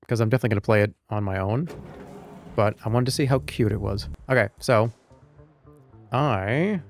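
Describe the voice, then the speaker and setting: Rambling, jokey male streamer. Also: medium pitch. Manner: rambling, jokey, talks to chat. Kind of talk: live gaming commentary.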